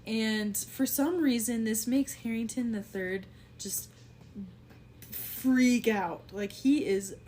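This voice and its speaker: Giggly, fairly high-voiced woman game master. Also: slow pace, dark tone, slight background noise. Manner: giggly, full of fillers. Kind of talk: casual tabletop narration.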